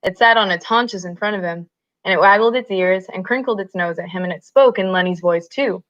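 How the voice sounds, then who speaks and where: Woman, reading a novel aloud, steady, mid pitch, muffled recording. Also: fairly quick. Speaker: reader.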